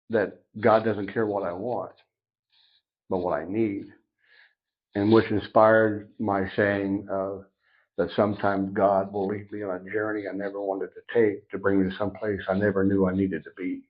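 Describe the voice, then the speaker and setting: Low-voiced man telling a recovery story. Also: unhurried. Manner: animated storyteller acting out dialogue. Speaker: podcast guest. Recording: dull lo-fi sound.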